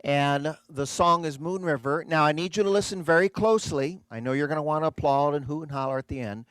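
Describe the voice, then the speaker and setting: A man presenting and demonstrating an organ in a live online show, talking excitedly and chatting with his viewers. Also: fairly high pitch, a little fast, clean tone, no room sound. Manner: excitable, chatty, addresses audience as folks. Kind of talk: enthusiastic live-streamed product demo.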